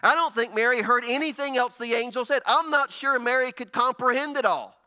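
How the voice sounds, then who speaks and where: Very high-voiced preacher. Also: male voice, a little fast, smooth. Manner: animated storytelling, acting out characters. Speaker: pastor. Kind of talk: sermon.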